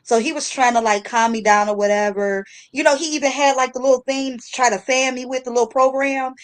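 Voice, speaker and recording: A woman hosting a casual chat show, telling a story in a lively, slangy way with frequent laughter. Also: high-pitched, brisk, smooth. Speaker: host.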